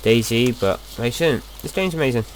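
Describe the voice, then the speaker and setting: A man's voice: mid-range voice, expressive, normal speed, a little hiss or hum. A young man casually talking through his gameplay as a video host, rambling and chatty, often restarting his sentences.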